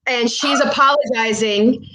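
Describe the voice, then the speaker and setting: A woman's voice: fairly high pitch, a little slow, fairly bright tone, low-quality recording. A woman telling a true personal story on stage, frank and profane, laughing as she goes and switching between English and Spanish.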